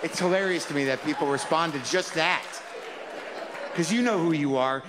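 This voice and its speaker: A man's voice: on the high side, normal speed, long reverb tail, very noisy. A man performing a stand-up comedy set, talking conversationally and ranting in mock exasperation.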